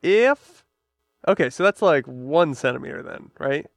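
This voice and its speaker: A man's voice: fairly high pitch, expressive, vocal fry, dry recording. Playful man co-hosting a podcast. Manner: playful, joking, quick to riff. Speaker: podcast co-host. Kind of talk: casual podcast chat.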